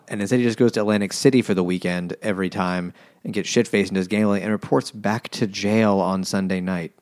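A man co-hosting a podcast, telling a story in a rambling, blunt way with some swearing. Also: fairly low pitch. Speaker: podcast co-host. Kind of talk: casual chat.

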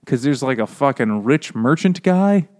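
A man's voice: mid-range voice, animated, a little slow, darkish tone. Loose, profane man chatting about a book. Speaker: podcast co-host. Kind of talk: casual book-club chat over beers.

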